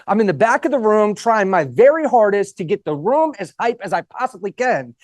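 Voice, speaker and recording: A man's voice: high-pitched, sing-song, fairly quick, dry recording, studio quality. A man speaking at a live event, giving a casual motivational talk, joking with the crowd and swearing now and then.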